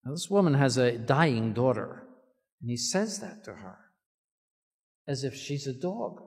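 A man preaching a sermon as a bishop, earnest and slowing down to stress key words. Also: mid-range voice, sing-song, a little mellow, long reverb tail.

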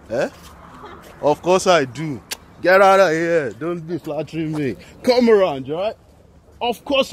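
Excitable man at a car show. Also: fairly high pitch, a little hiss or hum. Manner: playful, exclaiming, talking to the camera. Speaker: vlogger at a car meet. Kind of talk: excited walk-around vlog.

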